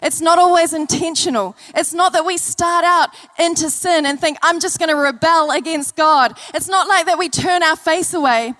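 A woman's voice: extremely high pitch, moderate pace, few pauses, fairly bright tone. A woman preacher delivering an earnest sermon to a church congregation, telling stories and repeating key phrases. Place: church service.

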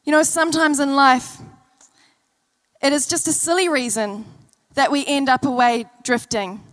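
High-voiced woman preaching a sermon. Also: moderate pace, fairly bright tone. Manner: earnest, storytelling, repeats key phrases. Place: church service.

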